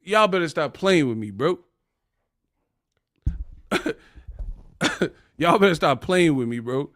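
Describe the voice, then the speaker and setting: A man's voice: fairly high pitch, takes it slowly, no echo, clean studio sound. A man hosting a casual boxing commentary rant, mocking and laughing as he talks. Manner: animated, mocking, laughs often.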